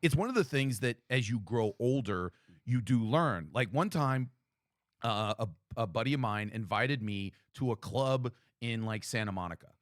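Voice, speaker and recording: A man in his forties hosting a casual comedy podcast, telling stories with lively acted-out bits. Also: medium pitch, normal speed, dry recording, clean studio sound. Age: 40s. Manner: animated storyteller who acts out quoted voices. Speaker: podcast host.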